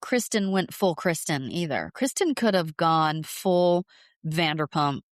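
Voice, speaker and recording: A woman's voice: low voice, lively intonation, no echo, clean studio sound. A woman co-hosting a podcast, bluntly giving her opinions on reality TV in casual chat. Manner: blunt, emphatic, quick agreements. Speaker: podcast co-host.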